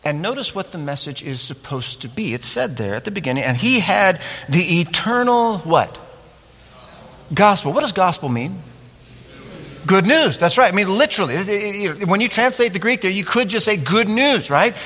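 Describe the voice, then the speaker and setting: A man preaching a sermon in an animated way, acting out scenes and asking his listeners questions. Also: high voice, moderate pace, breathy edge, long reverb tail. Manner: animated, acts out scenes and asks the audience questions. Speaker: pastor.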